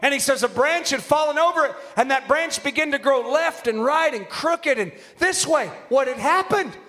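A young man preaching an impassioned sermon in a church, shouting at the peaks and quoting scripture. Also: very high voice, lively intonation, normal speed. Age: young adult. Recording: long hall reverb.

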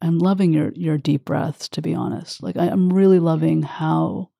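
A woman's voice: deep voice, fairly even intonation, moderate pace, gravelly, dark tone, slightly rough, no room sound, studio quality. A woman hosting an interview, openly emotional and affirming toward her guest. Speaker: host. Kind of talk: interview conversation.

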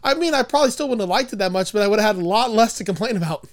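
A man's voice: high-pitched, expressive, rapid-fire, dry recording, clean studio sound. A man hosting a podcast, reading out a movie plot summary and arguing his points, swearing often. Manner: argumentative, swears freely. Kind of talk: casual movie review chat.

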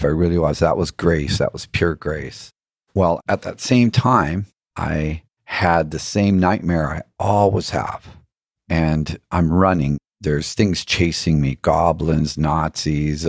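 A man's voice: extremely low pitch, a little mellow, husky, dry recording, clean studio sound. A middle-aged man telling his own story on a podcast, earnest and reflective, often laughing and acting out other voices. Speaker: podcast guest.

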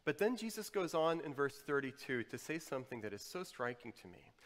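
A male pastor delivers a sermon from the pulpit of a church. His voice sits a little high for a man, and the sound rings out with long reverb in the large room. His delivery moves between quiet, pointed emphasis and loud, driving exhortation. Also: big pitch swings, fairly quick. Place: church sanctuary.

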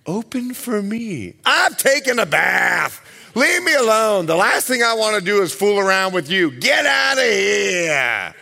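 A man voicing an indignant, sleepy wife who refuses her husband, loud, exasperated and whiny. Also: sits high, very animated, unhurried, gravelly, hardly any pauses, heavily acted.

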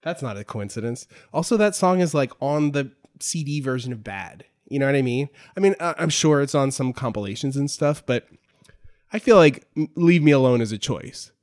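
A man's voice: medium pitch, animated, moderate pace, a little mellow, no room sound. Wry man in dry close chat. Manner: wry, joking, mock-serious. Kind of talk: casual chat.

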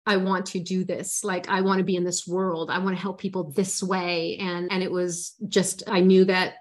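A woman's voice: fairly low pitch, flat delivery, normal speed. Woman, forties, life coach in an interview. Earnest and spiritual, retells her own story with feeling and many restarts.

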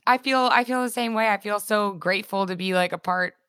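Bright, chatty woman host. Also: medium pitch, brisk, clear, resonant tone, no room sound, clean studio sound. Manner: chatty, filler-heavy, loves analogies. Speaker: host and fitness instructor. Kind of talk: casual interview chat.

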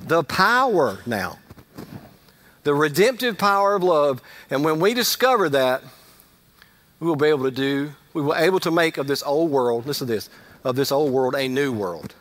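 A man's voice: fairly high pitch, lively intonation, normal speed. Man preaching with swinging intensity. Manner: conversational preaching, swings from loud emphasis to quiet asides. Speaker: pastor. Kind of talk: sermon.

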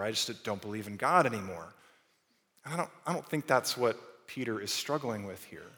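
A man preaching a sermon in an earnest way, his delivery moving between raised emphasis and hushed, quiet passages. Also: mid-range voice. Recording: long hall reverb.

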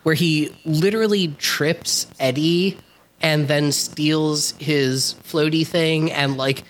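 A podcast co-host recapping a TV episode in a relaxed, wry, casual chat. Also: medium pitch, takes it slowly, a little hiss or hum.

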